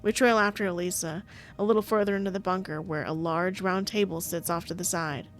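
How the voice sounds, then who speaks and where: A woman's voice: fairly low pitch, steady tone, a little fast, soft background music. A young woman reading a visual novel aloud and reacting in casual, profane, laughing commentary. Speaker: streamer playing a visual novel.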